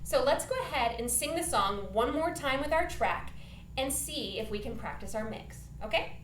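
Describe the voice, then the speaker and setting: A woman's voice: high-pitched, expressive, moderate pace, roomy sound, noisy background. A woman teaching a children's singing lesson, upbeat and encouraging, demonstrating points with her own voice.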